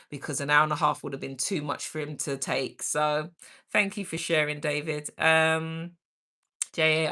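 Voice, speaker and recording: Here a middle-aged livestream host chats with lively care as she reads comments from viewers. She has a deep voice that sounds pushed and bright.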